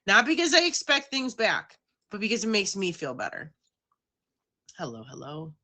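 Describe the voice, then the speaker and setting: A woman's voice: medium pitch, huge pitch swings, moderate pace, sharp tone. A woman hosting a casual livestream, talking straight to her viewers in a rambling, chatty, self-conscious way. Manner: talks directly to viewers. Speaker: livestream host.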